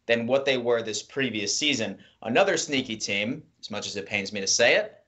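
Man, sports show co-host, mid pitch, emphatic analysis. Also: expressive, a little fast, sharp tone.

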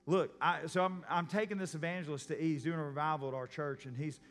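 A man's voice: a little high, fairly even intonation, fast talker, fairly bright tone. A man preaching a sermon as a pastor, talking in a conversational, storytelling way and acting out the people in his stories. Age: adult, a parent. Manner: conversational storytelling, acts out voices. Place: church sanctuary. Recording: long church reverb, faint music.

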